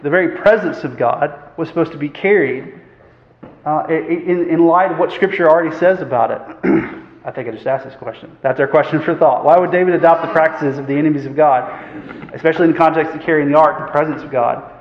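A man's voice: on the high side, fairly quick. Man preaching in an echoey hall. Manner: earnest, asks the congregation rhetorical questions; frequent fillers and throat clearing. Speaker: pastor. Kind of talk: sermon. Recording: echoey hall, dull sound.

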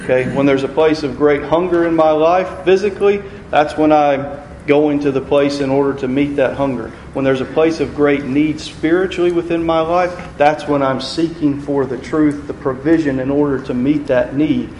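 A man teaching a Bible study group, earnest, repeating key phrases and slowing down to stress scripture. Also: fairly high pitch, fairly even intonation, a little mellow. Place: room with a group, reading from a computer. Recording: echoey room, faint ambient noise.

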